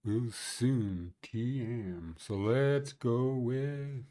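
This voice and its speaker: A man's voice: medium pitch, extremely slow, warm tone. A man hosting a ski conditions livestream, rambling and joking as he thinks aloud. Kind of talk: casual livestream chat.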